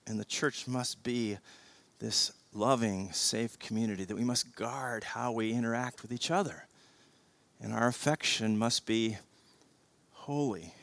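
A middle-aged man preaching a sermon with animated swings between loud emphasis and quiet intensity, often repeating words and asking "right?". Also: mid-range voice, no room sound. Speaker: pastor.

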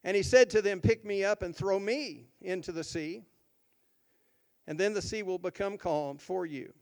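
A man's voice: high voice, moderate pace. A male pastor preaching a sermon, reading scripture aloud and then explaining it, leaning hard on key words.

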